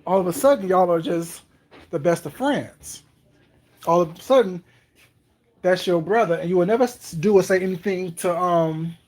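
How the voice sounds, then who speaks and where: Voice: mid-range voice, a little mellow. A livestream host chatting casually with viewers from a home kitchen, greeting people by name and speaking in a wry, ironic way. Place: home kitchen while baking.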